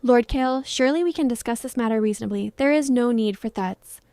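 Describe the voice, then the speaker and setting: A woman voicing a loyal male vampire aide who speaks urgently and tries to calm things. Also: on the high side, fairly quick, smooth, no echo, close to an everyday voice.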